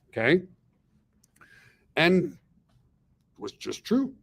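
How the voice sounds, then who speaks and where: A man's voice: medium pitch, moderate pace. A middle-aged man hosting a webinar, talking casually and asking "okay?" and "guys" to check in with his listeners. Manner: chatty, peppers talk with "okay?" and "guys". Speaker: webinar host, company founder.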